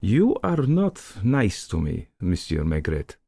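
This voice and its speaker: A man's voice: medium pitch, very animated, measured pace, vocal fry, warm tone, no echo, studio quality, voice pushed up, full character voice. A man voicing a sad, humble little Eastern European man who pleads in a mournful, condoling tone. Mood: mournful, pleading. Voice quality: sad, unvarying, like offering condolences.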